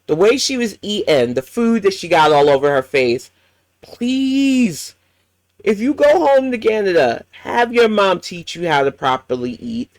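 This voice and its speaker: A woman's voice: medium pitch, big pitch swings, unhurried, a little mellow, dry recording. A woman hosting a reaction commentary, ranting bluntly and swearing often. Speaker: commentary channel host.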